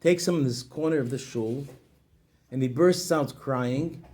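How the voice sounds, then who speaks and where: Rabbi storyteller, man, slow and expressive with moral asides. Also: mid-range voice. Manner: expressive, addresses listeners directly. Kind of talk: animated storytelling with moral lessons.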